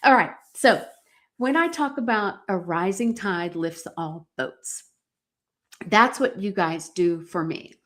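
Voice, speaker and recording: A woman's voice: mid-range voice, slow pace, fairly bright tone. A middle-aged woman hosting a live-streamed podcast, giving an earnest, encouraging talk and speaking directly to her viewers. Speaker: podcast host.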